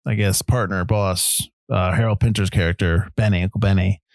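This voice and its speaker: A man's voice: deep voice, fairly even intonation, normal speed, vocal fry, no room sound. A man co-hosting a film podcast, talking in a loose, hedging way with many fillers and restarts. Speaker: podcast co-host. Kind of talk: casual film discussion.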